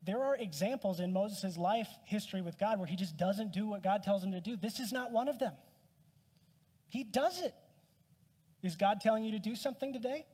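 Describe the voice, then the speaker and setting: A male pastor preaching with a fairly high, slightly husky voice. He keeps it conversational and pokes fun at himself. His words ring out with a long hall reverb behind them. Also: moderate pace, a little mellow. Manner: conversational, self-deprecating humor. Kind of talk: sermon.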